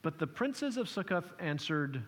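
A man's voice: a little high, sing-song, measured pace, fairly bright tone. A man preaching a sermon as pastor, shifting his emphasis and acting out quotes as he explains a passage. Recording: long hall reverb.

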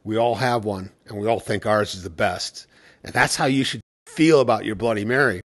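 A man with a lowish voice and moderate pace talks as a cocktail educator in a casual conversation. He tells anecdotes and acts out what people said in the exchanges.

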